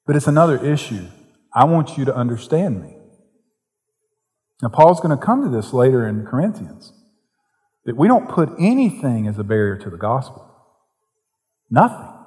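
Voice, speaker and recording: Southern pastor preaching in a reverberant hall. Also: male voice, medium pitch, sing-song, moderate pace, pauses often, a little mellow. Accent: softened Southern US. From Western North Carolina. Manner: conversational preaching that builds to fervent emphasis. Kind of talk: sermon.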